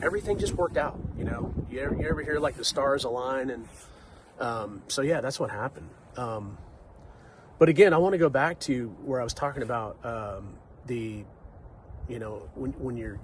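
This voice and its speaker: Rambling middle-aged man, traffic behind. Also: mid-range voice. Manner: rambling, lots of fillers and restarts, says dude and right. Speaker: vlogger. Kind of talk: casual reflective monologue.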